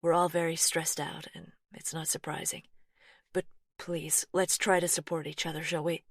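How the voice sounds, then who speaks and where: Soft, nervous American woman with a firm twang, read by a female narrator; low, dry studio audiobook. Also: flat delivery, normal speed, vocal fry, no room sound. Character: anxious, softly spoken American woman.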